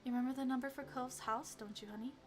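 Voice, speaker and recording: A woman voicing a firm but caring mother in a story game, speaking calmly. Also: sits high, quick pace, soft background music, lightly acted.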